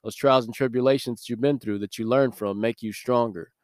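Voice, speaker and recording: A man's voice: medium pitch, a little fast, no room sound, studio quality. A man hosting a devotional podcast, speaking in a conversational and earnest way with light laughs. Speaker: podcast host.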